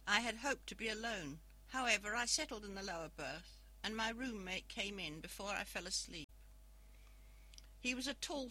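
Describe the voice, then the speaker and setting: A narrator reads a first-person ghost story aloud in a measured, even storybook manner. The tone is strikingly bright and sharp, with a middling pitch. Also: low-quality recording.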